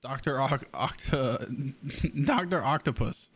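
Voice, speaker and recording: A young man casually commenting on his gameplay as a streamer, excitable and swearing often. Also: medium pitch, slow, husky.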